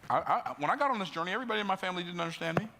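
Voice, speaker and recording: A man telling life stories in an emphatic, preacher-like motivational talk, building up and jumping into sudden high bursts. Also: expressive, rapid-fire, background noise. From United States. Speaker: motivational speaker.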